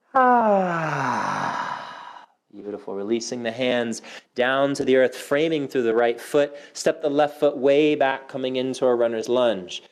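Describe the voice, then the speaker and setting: Man, yoga instructor, soothing guided cues, audible sighs, soft whispers at times. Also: mid-range voice. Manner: drops to a soft whisper for affirmations.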